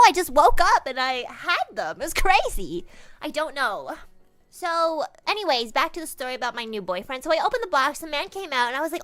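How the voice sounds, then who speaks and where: A woman's voice: high-pitched, sing-song, brisk, a bit bright, soft background music. A young woman streamer telling a silly story in a bubbly, exaggerated way. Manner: bubbly, exaggerated, lots of "oh my God". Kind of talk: casual storytelling.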